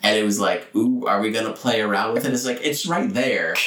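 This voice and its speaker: A man's voice: on the low side, brisk, recorded from a distance, a little hiss or hum. A young man casually recapping a movie plot as a podcast co-host, rambling with lots of fillers. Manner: relaxed, rambling, filler-heavy retelling. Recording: roomy sound, a bit off-mic.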